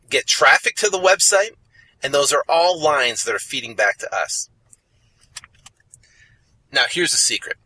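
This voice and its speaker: Podcast host, male, lively and insistent, bright husky voice, dry close mic. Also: fairly high pitch, no room sound, rough recording. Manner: animated and emphatic, repeating phrases for effect. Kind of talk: motivational podcast monologue.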